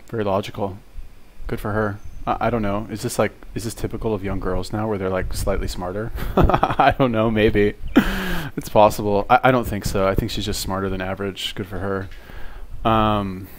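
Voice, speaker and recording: A man giving casual reaction commentary on a video, blunt, profane and exasperated, lecturing his viewers. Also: lowish voice.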